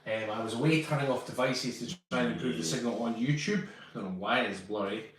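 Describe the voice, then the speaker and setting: A man's voice: medium pitch, brisk, a bit bright, a little hiss or hum. A man with an ordinary mid-range voice co-hosts a laid-back live chat. He reads out comments and tosses in dry, joking remarks. The room gives him a strong echo, and he sounds a little distant from the mic. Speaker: co-host of a live stream. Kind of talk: casual live-stream chat.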